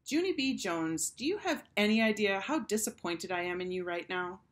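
A woman voicing a stern but patient male schoolteacher in a storybook read-aloud, asking measured, pointed questions. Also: medium pitch, animated, voice pushed up, natural voice.

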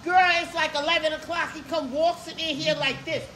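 A hairstylist in her fifties telling a story in a salon, animated and profane, acting out what people said. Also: high-pitched, moderate pace, a little hiss or hum. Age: 50s. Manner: animated, profane, acts out quotes. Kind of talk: casual storytelling. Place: hair salon, indoors. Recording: echoey room, picked up from a distance.

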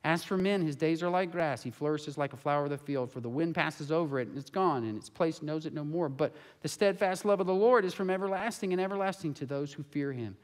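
An impassioned male pastor delivering a sermon in a church sanctuary, his voice sitting a little higher than most men's. He moves between near-whispered stretches and loud, ringing passages as he preaches. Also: a little fast, few pauses.

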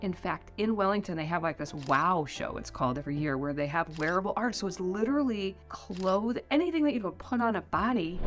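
Speaking fairly quickly with barely a pause, this middle-aged American vlogger has a lowish, expressive voice. Her casual talking-head video offers tips on living in New Zealand in a chatty, meandering style packed with "like," over faint background music.

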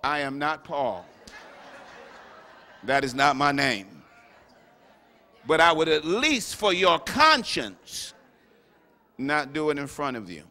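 A man serving as bishop, preaching a sermon to his congregation with animated, humorous asides and acted-out quotes. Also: on the high side, slow pace, pauses often. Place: large church sanctuary. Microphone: stage microphone. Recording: live sermon with long hall reverb.

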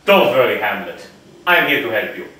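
A teenage boy putting on the voice of a pompous male psychiatrist, talking in slow, puffed-up declarations. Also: on the low side, big pitch swings, bright, forceful tone, heavy reverb, recorded from a distance, voice pushed down, rough recording. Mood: soothing. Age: teens. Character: pompous male psychiatrist, an impression of a famous one.

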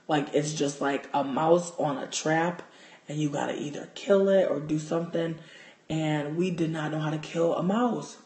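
A man telling a wild story to his livestream in a casual, profane, animated way, recorded on a phone at home. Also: a little high, normal speed. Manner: animated, profane, gets loud and excited in the telling. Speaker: livestream host. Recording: roomy echo.

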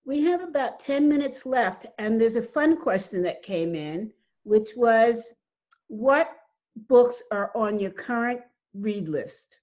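Woman host on a video call, unhurried, kinda dull lo-fi sound. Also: on the high side, expressive, a little mellow. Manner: joking, laughs while speaking. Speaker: host, moderator. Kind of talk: panel moderation.

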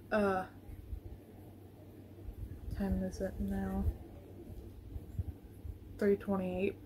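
A woman's voice: fairly high pitch, darkish tone. Woman vlogger, casual reaction video, nervous, rambling, phone recording, faint background hiss. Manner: nervous, rambling, talks to viewers.

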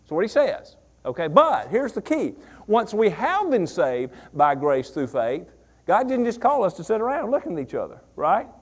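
Male pastor, 40s, high voice, lively preaching delivery. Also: normal speed, husky. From Mississippi. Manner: animated, repeats phrases, asks the congregation questions. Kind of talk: sermon.

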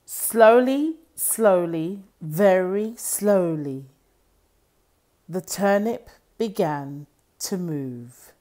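A woman reading a children's story aloud in an animated storytelling voice. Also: on the low side. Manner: slow, lively, animated reading.

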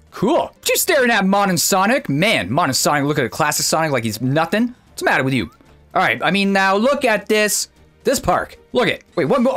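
A gaming YouTuber with a voice that sits high talks into a desk mic at his computer while playing a video game. His commentary is casual and excitable, chatty and full of quick exclamations.

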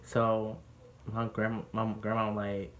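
A man's voice: fairly low pitch, slow, a little hiss or hum. Young man telling a candid story. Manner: candid, animated retelling, heated when quoting others. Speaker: vlogger. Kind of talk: personal storytelling.

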